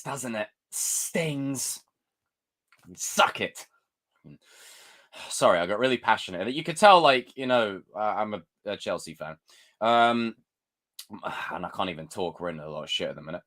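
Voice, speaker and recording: A young man chatting on a live stream, ranting and swearing in an excitable way. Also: fairly low pitch. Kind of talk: casual live-stream chat.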